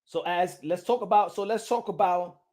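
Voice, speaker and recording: A man's voice: high voice, moderate pace, darkish tone. A middle-aged man with a Puerto Rican accent hosting a boxing channel, talking in a loose, rambling way and mixing Spanish into his English. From Puerto Rico. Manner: rambling, repeats words, switches between English and Spanish. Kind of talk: casual live-stream commentary.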